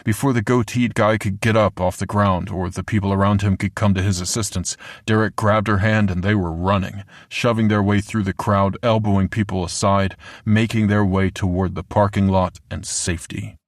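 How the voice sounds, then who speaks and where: A man reading a horror audiobook in a measured, deliberate way, slowing down for the grim moments. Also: fairly low pitch, fairly even intonation, no echo, clean studio sound. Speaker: audiobook narrator. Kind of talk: scripted horror narration.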